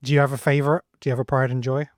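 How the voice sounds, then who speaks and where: A middle-aged man hosts a podcast in a friendly, easygoing manner, often laughing with his guests. The sound is dry and close, with an average pitch. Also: little pitch movement, very fast, dry recording. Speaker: podcast host. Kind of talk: casual chat.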